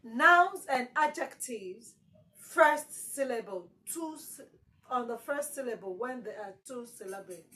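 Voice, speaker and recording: A woman's voice: fairly high pitch, expressive, a little slow, sharp tone, poor audio. A woman teaching exam prep, repeating key words with strong emphasis. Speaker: English teacher.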